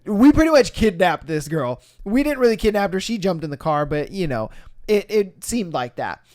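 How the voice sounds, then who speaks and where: Animated young man telling a wild story. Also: high voice, moderate pace. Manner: animated, swearing, acts out voices in quotes. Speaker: podcast host. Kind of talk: casual storytelling chat.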